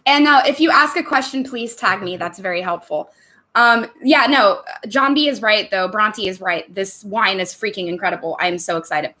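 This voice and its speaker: A woman's voice: medium pitch, moderate pace, sharp tone. A woman hosting a casual livestream from a room at home, chatty and bubbly, laughing often between thoughts. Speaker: livestream host.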